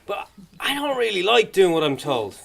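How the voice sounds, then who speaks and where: A man's voice: high voice, very animated, moderate pace, gravelly, fairly bright tone, husky. A young man doing stand-up, telling a story and acting out the voices in it. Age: young adult. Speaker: stand-up comedian. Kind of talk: stand-up comedy to a young audience. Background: audience laughter.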